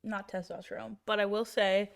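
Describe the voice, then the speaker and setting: A woman's voice: medium pitch, flat delivery, moderate pace, gravelly. A woman who coaches volleyball, chatting in an easygoing way with frequent fillers. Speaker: volleyball coach, podcast co-host. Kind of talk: casual chat.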